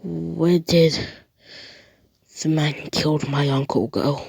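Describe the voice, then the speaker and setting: A woman's voice: deep voice, steady tone, takes it slowly, creaky, a little mellow, breathy edge, dry recording, studio quality, heavily acted. A woman doing a strained, grieving teen boy hero. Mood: urgent. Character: grieving teenage boy hero, raw and vengeful.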